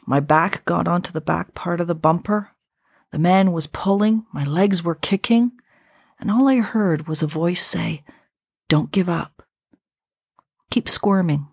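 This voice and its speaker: Slow, gravelly-voiced woman in her fifties. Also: lowish voice, darkish tone, no room sound, studio quality. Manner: slow, reflective and intimate. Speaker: podcast host. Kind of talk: personal storytelling monologue.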